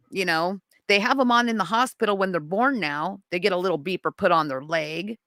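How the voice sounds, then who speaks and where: Podcast guest, woman, bright voice, dry close sound, animated storyteller. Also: fairly quick, hardly any pauses, no echo. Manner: animated storytelling, rising to high exclaims. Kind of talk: casual conversation.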